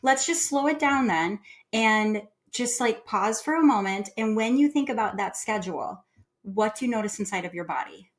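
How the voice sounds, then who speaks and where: Wellness lady guest, calm and soothing, walks you through it slowly. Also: mid-range voice. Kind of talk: casual conversational interview.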